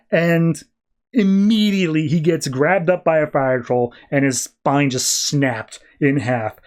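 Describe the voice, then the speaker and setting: Young male podcast co-host, slightly high voice, casual comic recap with quick character voices. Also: animated, darkish tone. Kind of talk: casual chat.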